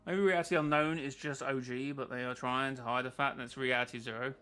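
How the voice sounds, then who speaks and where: A man's voice: medium pitch, fairly even intonation, quick pace, pushed and bright, smooth, soft background music. A man streaming a game, chatting casually with his viewers in a rambling, self-interrupting way. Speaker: gaming streamer.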